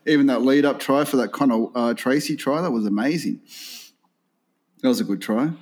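A man's voice: medium pitch, a little fast, darkish tone. A man chatting casually about sport as a podcast co-host, laughing often and swearing freely.

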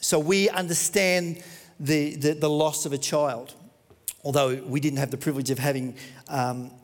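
An Australian man preaching, telling a story in an earnest, chatty way. His voice sits a little high for a man. It rings out with the long reverb of a big hall. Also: fairly even intonation, moderate pace. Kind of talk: storytelling sermon.

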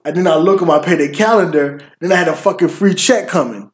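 A man telling stories in casual podcast chat, animated and swearing often. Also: a little high, fast. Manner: profane, animated storytelling. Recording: roomy echo.

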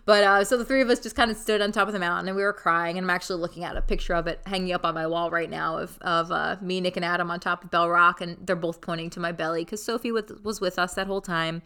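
Bright, clear-voiced woman telling a story. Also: fairly low pitch, steady tone, quick pace, few pauses. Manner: chatty, many fillers, laughs easily. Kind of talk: casual storytelling.

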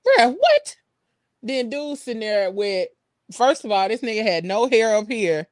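A woman co-hosting a casual online talk show, telling a story with lively, slang-heavy banter and laughter. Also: mid-range voice, normal speed, dry recording, clean studio sound. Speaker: podcast co-host.

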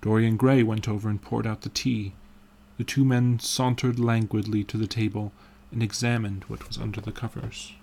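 Man narrating an audiobook, measured. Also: lowish voice, flat delivery, creaky, a little mellow, a little hiss or hum.

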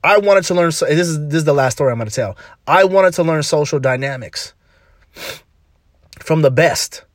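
Male podcast host, punchy slang-heavy motivational delivery, slightly high pitch. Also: expressive, normal speed, dry recording, studio quality. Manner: emphatic, slangy, repeats phrases for punch.

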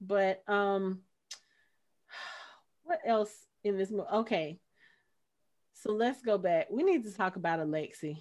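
Slow-paced and pausing often, a podcast co-host with a medium-pitched, slightly mellow voice discusses a movie casually. She performs lines from the film's characters as she chats.

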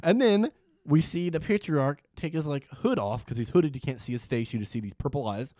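A man's voice: a little high, animated, brisk, warm tone, dry recording, studio quality. A man co-hosting a casual comic book chat, laid-back, laughing often and swearing casually. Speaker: comic book podcast co-host.

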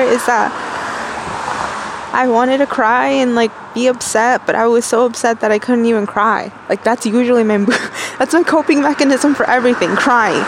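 A young woman in a personal voice diary, miserable and rambling, halting with many fillers and restarts. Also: fairly high pitch, background noise.

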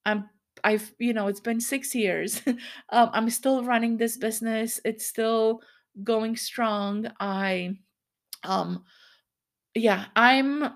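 A woman in her thirties hosts a solo podcast, talking candidly and rambling, often laughing as she speaks. Her voice is a little high and her pace slow.

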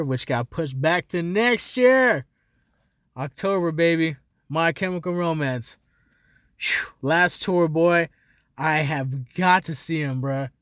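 A young man talking casually at a middle pitch, rambling and swearing freely as he gets excited and laughs along the way. The sound is close and dry, with no room around it. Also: no room sound. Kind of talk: casual chat.

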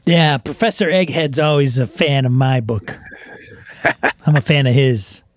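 A man's voice: mid-range voice, a little slow, dry recording. A man co-hosting a casual podcast, bantering in a joking, sardonic way. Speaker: podcast co-host.

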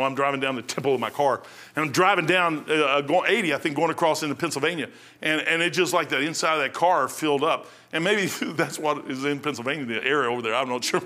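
Folksy pastor, bright forceful voice. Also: male voice, medium pitch. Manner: plain-spoken, folksy preaching with rising outbursts. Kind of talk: sermon.

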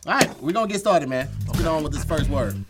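A man's voice: on the high side, sing-song, fast talker, loud music behind the voice. A man hosting a casual comedic word game, tired and teasing, laughing often. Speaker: host.

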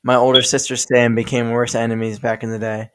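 A young man telling stories on a podcast, rambling and profane, stopping to laugh at himself. His voice sits at an ordinary middle pitch for a man. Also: level tone, fairly quick. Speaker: podcast co-host. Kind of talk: casual storytelling chat.

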